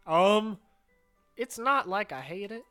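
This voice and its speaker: A small, prickly teenage girl from a visual novel snaps and teases, voiced by a man with a bright, lively pitch that swoops around. She talks slowly and bratty, quick to bite back. The sound is dry and close. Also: clean tone, no room sound, faint music behind, full character voice. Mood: flustered. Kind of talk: reading visual novel dialogue aloud.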